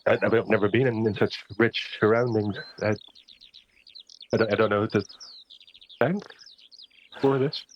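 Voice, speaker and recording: A man's voice: on the low side, steady tone, normal speed, long pauses, highs cut off, slight background noise, close to an everyday voice. A man voicing a humble, timid male elf who stammers and hesitates.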